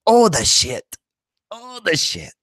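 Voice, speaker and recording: A man's voice: wildly swooping pitch, takes it slowly, a bit bright, dry recording, clean studio sound, exaggerated voice. A man putting on the voice of his nagging, exasperated wife with a Chinese accent, in repetitive broken English. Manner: shrill, broken English, repeating itself.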